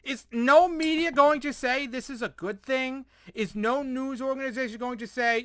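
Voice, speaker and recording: This American commentator reacts to news articles in a sarcastic rant, exasperated and profane, sighing often and repeating himself in frustration. His voice is very high and his pace moderate, with hardly any pauses and no echo.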